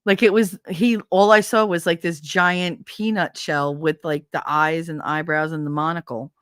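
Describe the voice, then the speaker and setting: Lower-pitched woman telling rambling stories. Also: normal speed, clean tone, no echo, studio quality. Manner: rambling and animated, swears freely, laughs often. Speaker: streamer. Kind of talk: casual storytelling chat. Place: home streaming setup.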